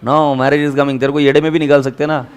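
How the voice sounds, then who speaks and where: Animated Indian man teaching accounting. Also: fairly high pitch, rapid-fire, smooth. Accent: Indian English. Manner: animated, keeps checking students follow, mixes in Hindi. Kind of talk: classroom lecture.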